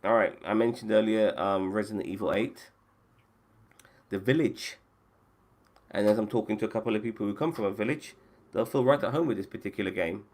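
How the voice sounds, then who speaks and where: A man's voice: lowish voice, fairly quick, pauses often, a little mellow. A man hosting a podcast and running a casual chat about video games, swearing freely and often restarting his sentences. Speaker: podcast host.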